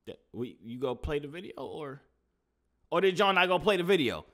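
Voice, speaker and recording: Reaction host man, high lively voice, slangy, mocking, casual, repeats his catchphrase. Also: normal speed. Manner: slangy, animated, mocking, repeats "you know what I'm saying".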